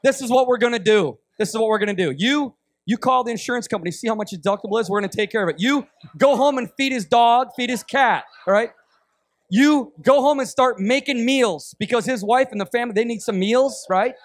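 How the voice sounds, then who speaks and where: A man's voice: extremely high pitch, fairly quick, no room sound. A man voicing a bossy church organizer handing out orders. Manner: bossy, commanding.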